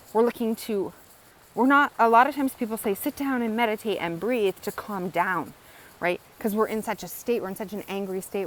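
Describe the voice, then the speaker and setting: A woman's voice: medium pitch, rough recording. Earnest woman teaching with repeated "right?". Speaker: wellness educator. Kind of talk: casual teaching monologue.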